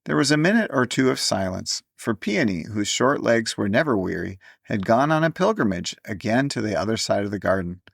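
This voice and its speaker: A man reading a classic story aloud in measured audiobook narration. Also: lowish voice, sing-song, creaky, slightly rough, dry recording, studio quality.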